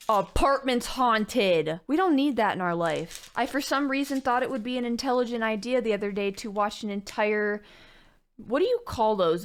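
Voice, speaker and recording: A young woman unboxing birthday gifts on her vlog, gushing thanks and tossing in jokey asides. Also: mid-range voice. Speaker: gaming YouTuber unboxing gifts. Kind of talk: casual vlog chat.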